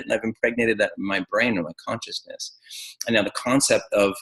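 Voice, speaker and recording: A man teaching an acting webinar, animated, with frequent restarts and fillers. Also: on the low side, rough recording. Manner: animated, restarts and stacked fillers, drops to quiet reflection. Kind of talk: webinar lecture.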